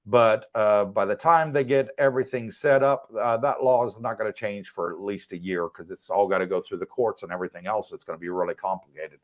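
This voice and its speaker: A middle-aged Englishman hosts a relaxed livestream, working through viewer comments one by one. His manner is chatty and teasing, and he breaks into easy laughter between remarks. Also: fairly low pitch, a little fast, few pauses. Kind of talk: casual livestream chat.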